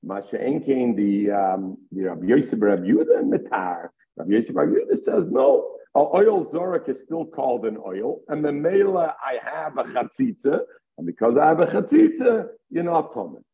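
A man's voice: medium pitch, sing-song, normal speed, creaky. Man teaching Talmud over a tinny line. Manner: explains step by step, mixing English with Hebrew and Aramaic terms. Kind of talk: Talmud lesson. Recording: tinny phone-line audio.

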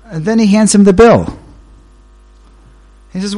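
A rabbi giving a Torah lecture in a high, light voice. He talks slowly and pauses between short phrases, and his pitch leaps about when he tells a story. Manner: animated storyteller whose pitch leaps while telling a joke. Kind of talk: Torah lecture opening with a joke.

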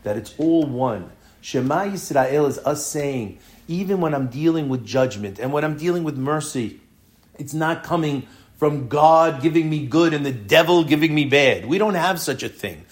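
A man's voice: fairly high pitch, expressive, normal speed. Earnest man teaching a Torah class. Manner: explains with rhetorical questions.

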